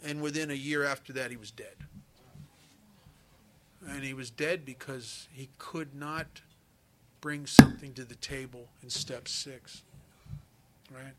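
A man's voice: mid-range voice, steady tone, measured pace, pauses often, background noise. A man speaking at a recovery meeting, telling a personal story in an earnest, conversational way and acting out the dialogue. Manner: storytelling, acts out quoted dialogue.

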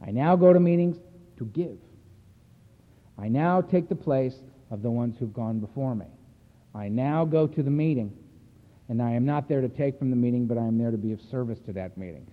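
A man's voice: medium pitch, moderate pace. A man giving a personal recovery talk to a meeting, telling his story bluntly and with emphasis. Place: meeting hall. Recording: echoey hall over a tinny phone-like line.

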